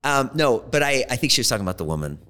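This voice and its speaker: A man hosts a casual podcast chat, blunt and teasing. His pitch sits mid-range, but his voice rises and falls a great deal as he talks. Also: very fast. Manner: blunt, joking, lively intonation. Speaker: podcast host.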